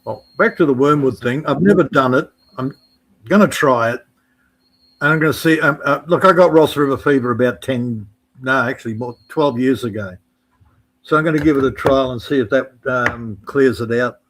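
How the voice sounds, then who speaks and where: A man's voice: medium pitch, moderate pace, a bit bright, low-quality recording. A man co-hosting a casual live-stream chat, blunt and swearing freely.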